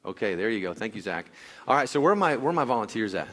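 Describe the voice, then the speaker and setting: A man speaking live to a crowd from a stage, explaining an exercise and coaching volunteers through it with shouted cues. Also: fairly low pitch, racing. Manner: energetic, coaxing, shouts workout cues. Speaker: wellness speaker leading a workout demo.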